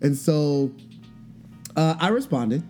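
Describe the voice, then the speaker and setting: Podcast host, male, relaxed warm tone, animated retelling over faint guitar music. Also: a little high, slow. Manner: animated storytelling, acting out quoted voices. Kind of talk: casual monologue.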